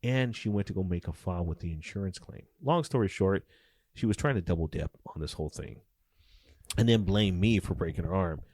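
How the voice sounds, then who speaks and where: A man's voice: deep voice, a little fast, a little mellow, no room sound, clean studio sound. A middle-aged man and former police officer telling stories in a casual interview, swearing often and acting out the dialogue with animation.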